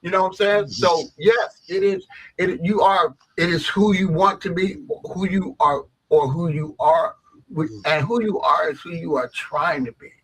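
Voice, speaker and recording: A man's voice: sits high, moderate pace, a bit bright, slightly rough, rough recording. A middle-aged man hosting a radio talk show, rambling and opinionated, peppering his talk with "you know what I'm saying.".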